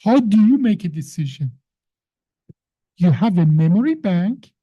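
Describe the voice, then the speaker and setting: A woman walks a listener through how the brain works, stressing her points and quizzing him as she goes. Her voice is deep, dark and mellow in tone. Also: big pitch swings, measured pace, husky, lo-fi sound. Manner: emphatic, teacherly, asks the listener questions. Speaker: science guest explaining the brain. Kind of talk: explanatory conversation.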